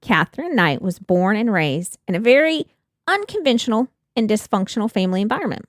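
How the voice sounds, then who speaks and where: A woman co-hosts a casual true-crime podcast, narrating the story animatedly with frequent laughter and blunt, free swearing. Her voice is medium-pitched and brisk, captured in a dry, studio-quality recording.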